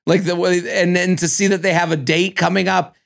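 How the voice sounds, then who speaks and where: A man co-hosting a podcast, chatting casually about a reality dating show, animated and cussing, now and then acting out cast members. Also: sits high, brisk, vocal fry. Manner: animated, swearing, acts out cast members in exaggerated voices. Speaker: podcast co-host. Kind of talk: casual reality-TV recap chat.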